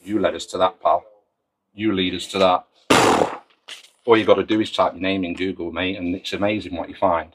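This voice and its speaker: A man's voice: low-pitched, flat delivery, a little fast, long pauses, heavy background noise. A man, confronting and accusing someone outdoors in an aggressive, sweary way. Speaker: lead confronter in a sting. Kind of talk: heated street confrontation.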